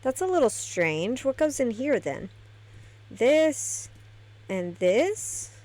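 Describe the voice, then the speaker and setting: A woman's voice: fairly high pitch, big pitch swings, unhurried, darkish tone. A woman giving casual gameplay commentary, chatty and thinking aloud as she decorates a virtual house. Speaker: gameplay streamer.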